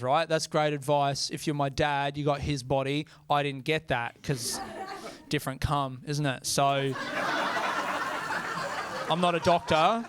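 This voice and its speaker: High-voiced Australian comic on stage. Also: male voice, fairly even intonation, measured pace, long pauses, clear, resonant tone, dry recording, clean studio sound. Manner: crude, self-mocking, breaks off to laugh. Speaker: stand-up comedian. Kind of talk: stand-up comedy set. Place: comedy club stage with audience. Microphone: handheld stage mic.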